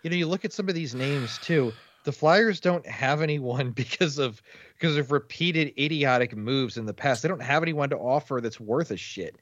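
A man's voice: mid-range voice, a bit bright, no room sound. A man co-hosting a casual sports podcast, blunt and profane, sounding exasperated. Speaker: podcast co-host. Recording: dull lo-fi recording.

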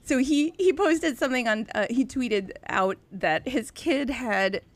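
A woman hosting a casual chat, telling stories in a quick, animated way. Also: fairly high pitch, no echo. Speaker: podcast host.

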